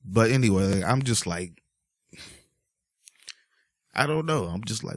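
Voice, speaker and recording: Low-voiced man ranting casually. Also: animated, a little slow, pauses often, dry recording, studio quality. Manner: exasperated, rambling with many fillers. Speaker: vlogger. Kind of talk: casual rant to camera.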